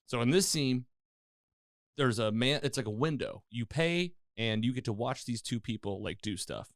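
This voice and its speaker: A man's voice: medium pitch, animated, moderate pace, dry recording, clean studio sound. A man hosting a casual podcast, recapping a TV episode and acting out the characters' lines. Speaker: podcast host. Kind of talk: casual chat.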